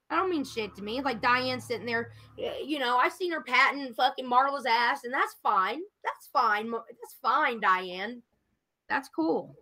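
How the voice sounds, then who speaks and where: Woman, angry profane venting, bright tone, higher pitch, casual stream chat. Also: normal speed. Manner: profane, heated, ranting. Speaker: livestream guest.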